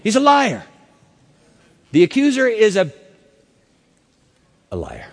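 A man's voice: high-pitched, huge pitch swings, slow pace. A man preaching a sermon as pastor, impassioned and emphatic, with dramatic swings. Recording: echoey church hall.

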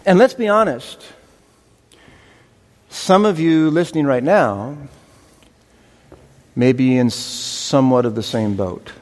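A man's voice: medium pitch, takes it slowly, pauses often, a little mellow. A man preaching a sermon as pastor, in a conversational, wry manner. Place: church sanctuary. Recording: reverberant hall.

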